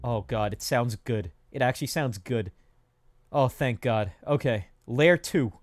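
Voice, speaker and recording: A young man casually streaming a building game, rambling, cracking self-mocking jokes to his chat and counting out loud under his breath. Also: mid-range voice, unhurried, dry recording, studio quality, soft background music. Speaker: gaming streamer. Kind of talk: casual live-stream commentary while building.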